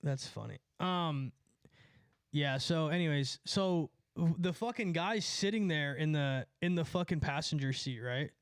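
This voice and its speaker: A young man from California rambles through a story in a casual, profane chat, laughing at his own lines. His voice sits a little high for a man. The sound is dry and close, with no room echo. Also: a little slow, clean tone. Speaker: streamer.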